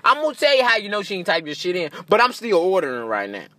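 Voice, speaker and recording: Man, high voice, profane comic rant, laughs at own jokes. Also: wildly swooping pitch, quick pace, sharp tone, no room sound. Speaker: comedian. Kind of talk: stand-up style comedic rant.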